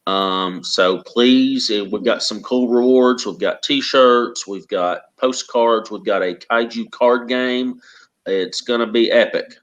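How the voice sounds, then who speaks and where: A man's voice: medium pitch, takes it slowly, highs cut off. A man with a Southern US accent, a writer introducing himself on a video-call panel, talking in an easygoing way with many fillers. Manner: plain, easygoing, filler-heavy. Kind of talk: casual video panel chat.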